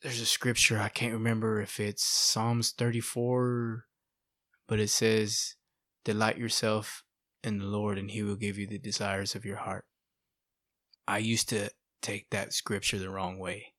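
Lowish and measured, the voice is a middle-aged man's as he casually tells his life story as a testimony guest. He animatedly acts out what people said and uses "you know" and "bro" frequently, in a dry recording.

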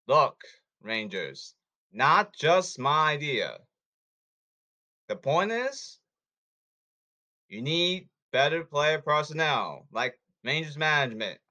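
A man's voice: on the high side, very animated, takes it slowly, long pauses, sharp tone. A man hosting a sports podcast who talks in a blunt, hectoring way and repeats himself, in a casual commentary monologue.

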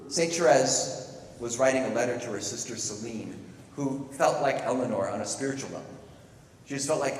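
A middle-aged man preaching a sermon, telling stories with lively acted-out quotes. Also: medium pitch, a little fast, far from the mic, slight background noise. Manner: animated storytelling with playful acted quotes. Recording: echoey hall, speaker away from the mic.

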